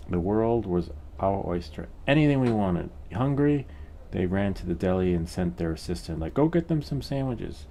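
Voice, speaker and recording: A man's voice: low voice, vocal fry, dark tone, slight background noise. A middle-aged man hosting a hobby painting channel, telling a rambling, candid story in a casual way with the odd curse word. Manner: rambling, candid, occasional swearing.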